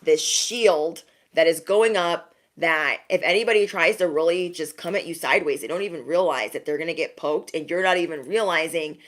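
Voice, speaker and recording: A woman's voice: low-pitched, moderate pace, hardly any pauses. A young woman doing a casual spiritual card reading, chatty and laughing often as she talks to her viewers. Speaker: tarot reader.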